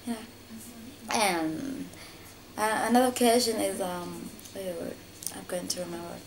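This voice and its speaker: A woman's voice: lively intonation, unhurried, a little mellow, a little hiss or hum. Woman saying "you know" constantly. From Africa. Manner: says "you know" constantly, voice rising high when quoting. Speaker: vlogger. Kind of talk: personal story vlog.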